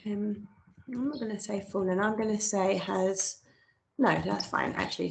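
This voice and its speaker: A woman's voice: mid-range voice, fairly even intonation, moderate pace, vocal fry, poor audio. A woman talking students through an accounting exam paper, informal and thinking aloud as she goes. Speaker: accounting tutor. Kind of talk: screen-share exam walkthrough.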